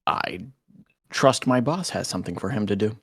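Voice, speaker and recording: Playful man with a lively, bouncing voice. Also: on the low side, moderate pace, vocal fry, breathy edge, no echo, studio quality. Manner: joking, playful. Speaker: guest streamer. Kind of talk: casual chat.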